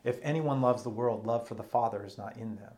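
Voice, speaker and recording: A man's voice: mid-range voice, brisk, a little mellow. A man preaching a teaching sermon, reading passages aloud and then explaining them step by step.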